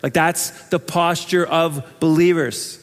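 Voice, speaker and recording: A man preaching a sermon as pastor, talking in a conversational, animated way and acting out little voices. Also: fairly high pitch, takes it slowly, long reverb tail. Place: church sanctuary.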